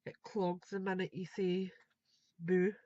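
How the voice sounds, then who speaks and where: A woman's voice: lowish voice, flat delivery, unhurried, dark tone, dry recording, lo-fi sound. A woman, chatting and thinking aloud as she demonstrates a craft project live. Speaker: craft tutor.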